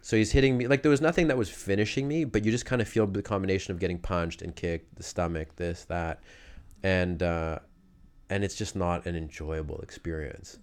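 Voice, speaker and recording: A man casually recounting his fighting days in a loose, animated way, full of fillers. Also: low voice, a little fast, smooth. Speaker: guest telling fight stories. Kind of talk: casual conversational storytelling.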